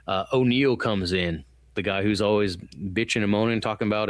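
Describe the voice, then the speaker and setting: A low-sounding man talks at normal speed on a dry recording. He's a podcast co-host in a loose, profane movie review chat, rambling and performing quotes as he goes.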